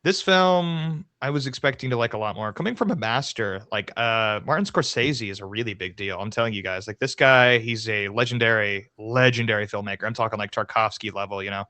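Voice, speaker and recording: A man co-hosts a casual movie podcast with a bright, sharp-edged voice. He gets worked up fast, cursing and ranting in playful outrage. The sound is dry and close, with no room around it. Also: lowish voice, no echo. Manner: animated, swearing, rants with mock outrage. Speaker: podcast co-host. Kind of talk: casual film discussion.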